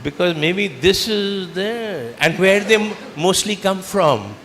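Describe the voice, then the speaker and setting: A man speaks to a room of students, his high voice carrying through a reverberant school hall over faint background ambience. He keeps throwing questions at his listeners and drawing them into his motivational talk. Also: expressive, slow pace, fairly bright tone, slight background noise. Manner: interactive, quizzes the audience with questions. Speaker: chief guest speaker. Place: school auditorium.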